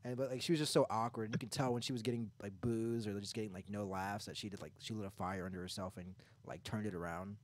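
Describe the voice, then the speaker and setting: A man's voice: lowish voice, fairly even intonation, quick pace, few pauses. A man from Ohio chatting casually on a podcast, rambling with lots of fillers. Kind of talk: casual chat.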